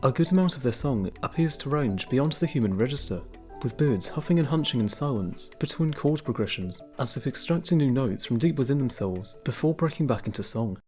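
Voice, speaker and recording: A man reading a scripted educational narration in a measured, informative manner. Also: medium pitch, expressive, darkish tone. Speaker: narrator of a nature video. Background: faint background music.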